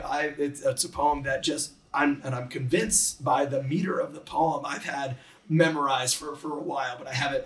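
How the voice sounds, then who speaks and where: A man who teaches high school English, explaining poetic meter enthusiastically and tapping out rhythms with his voice. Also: echoey room, recorded from a distance. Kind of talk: conversational explanation, reading a poem aloud.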